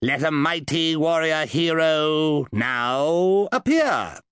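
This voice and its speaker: A man's voice: fairly high pitch, animated, takes it slowly, fairly bright tone, slight background noise, pitched above the performer's own voice. A man voicing a fussy, pompous wizard who loses his temper with his pet and improvises grand incantations. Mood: grandiose. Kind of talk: audiobook character voice.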